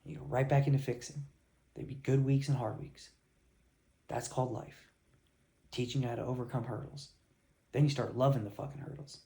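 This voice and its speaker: A man's voice: medium pitch, fairly even intonation, moderate pace, pauses often, warm tone. A man coaching his viewers in a blunt tough-love rant, swearing heavily and fired up. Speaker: life coach.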